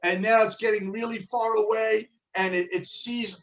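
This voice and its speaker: A man teaching a Torah class, telling a religious story in an animated way and shifting his voice for the quotes. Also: sits high, normal speed, poor audio. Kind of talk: religious lesson with dramatic storytelling.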